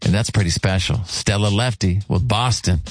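A man's voice: fairly low pitch, moderate pace, soft background music. Upbeat man hosting a radio chart countdown. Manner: upbeat and conversational.

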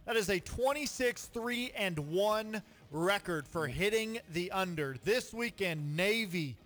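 Sports radio co-host: high, bright, animated, playful banter. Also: male voice, unhurried, soft background music. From central Illinois. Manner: animated, jokey, sudden excited outbursts.

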